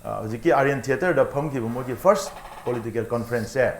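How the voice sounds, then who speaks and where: A man speaking as a guest on a TV panel discussion, explaining earnestly with many pauses. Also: medium pitch, echoey room, slight background noise. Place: TV studio.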